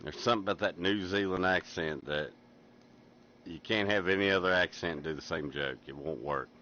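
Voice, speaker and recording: A lower-voiced man with a relaxed Southern US drawl talks over game chat, joking with friends. His lo-fi, dull mic sits under the loud crack of in-game gunfire. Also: normal speed, a little hiss or hum. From Southern United States. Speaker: gamer. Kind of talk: casual voice chat while gaming.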